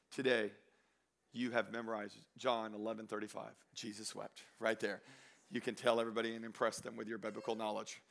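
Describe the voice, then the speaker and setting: Bright-voiced preaching man. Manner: swings from loud shouted exhortation to low quiet storytelling; slows down and stretches phrases for emphasis. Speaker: pastor. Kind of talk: sermon.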